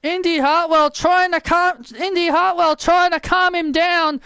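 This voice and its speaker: A man giving excited play-by-play commentary over a wrestling video game, often shouting his calls. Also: very high-pitched, unhurried, dry recording. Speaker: gaming commentator. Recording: loud game crowd and noise behind. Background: wrestling game crowd noise.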